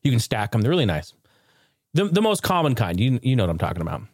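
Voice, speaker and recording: A man's voice: mid-range voice, very animated, fast, no room sound, studio quality. A man hosting his own podcast, telling a rambling funny story and laughing often, then running through the show's housekeeping. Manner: loose, rambling, laughs a lot, mimics shouting neighbor. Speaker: podcast host. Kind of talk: casual solo podcast storytelling.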